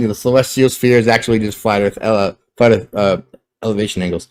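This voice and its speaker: A man in a casual podcast discussion, laughing now and then and restarting sentences as he gets animated. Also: on the low side, quick pace.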